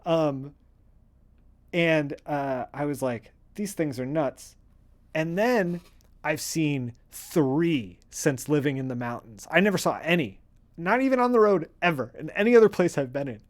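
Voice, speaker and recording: Rambling excitable male streamer. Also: on the high side, measured pace. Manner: rambling, excitable, lots of fillers. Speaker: streamer coloring comic art. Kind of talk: casual livestream chat.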